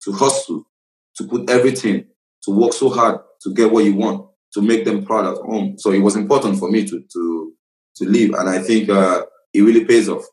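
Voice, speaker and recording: A man's voice: on the low side, fairly even intonation, moderate pace, a little mellow. A young man from Nigeria with a Nigerian accent, speaking as a guest in a casual interview, earnest and repeating phrases as he searches for words. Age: young adult. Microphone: remote call. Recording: roomy remote call.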